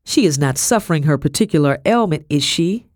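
A woman voicing a stern, haughty lady of the house in an audiobook, speaking in a sharp, cutting way. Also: low-pitched, animated, brisk, no echo, studio quality. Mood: suspicious.

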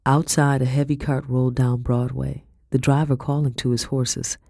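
A woman reading a first-person story aloud in a measured, grave way. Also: very deep voice, little pitch movement, vocal fry, mellow, dry recording, studio quality. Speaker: audiobook narrator.

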